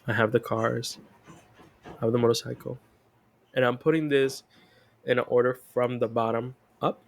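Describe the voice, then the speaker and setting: A man's voice: medium pitch, little pitch movement, normal speed, creaky. A man co-hosting a podcast, talking bluntly and frankly in casual chat. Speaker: podcast co-host.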